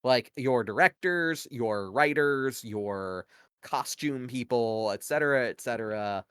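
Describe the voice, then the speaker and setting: This co-host has a mid-range voice that is clear, resonant and a bit bright, animated yet unhurried, captured in a clean studio with no echo. He rambles through casual podcast analysis, arguing his opinions at length and peppering them with "like" and "you know."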